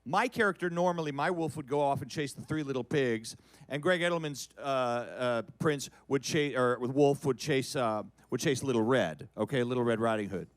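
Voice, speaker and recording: A middle-aged man telling a comic story on a cabaret stage, animated and building to loud shouts. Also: mid-range voice, normal speed, no echo. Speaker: guest performer.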